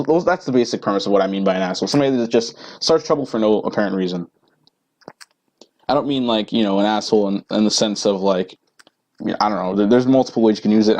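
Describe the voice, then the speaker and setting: A man's voice: lowish voice, darkish tone, poor audio. A teenage boy ranting casually to camera, rambling and profane with lots of fillers. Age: teens. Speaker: vlogger.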